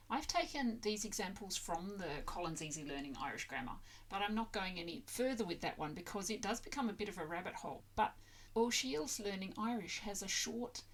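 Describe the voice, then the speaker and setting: A woman explaining grammar to learners in a patient, methodical way, spelling words out letter by letter. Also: lowish voice. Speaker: language-learning video creator.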